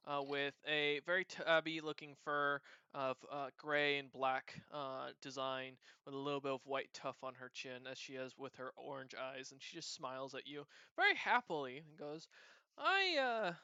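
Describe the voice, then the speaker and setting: A man's voice: mid-range voice, bright, forceful tone, smooth, no room sound. A man narrating as game master of a tabletop game, rambling with fillers, on a slightly dull mic. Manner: rambling, many fillers and restarts.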